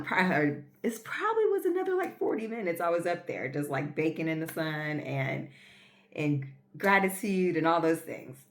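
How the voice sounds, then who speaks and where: Vlogger, female, low voice, earnest and rambling storyteller. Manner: rambling, filler-heavy, earnest. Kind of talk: casual storytelling.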